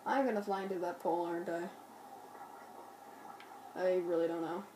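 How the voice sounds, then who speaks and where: A woman's voice: on the low side, steady tone, normal speed. A woman chatting goofily to herself while commentating on a game she is playing. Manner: chatty, goofy, talks to herself. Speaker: gameplay commentator. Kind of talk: casual let's play commentary. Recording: noisy home recording.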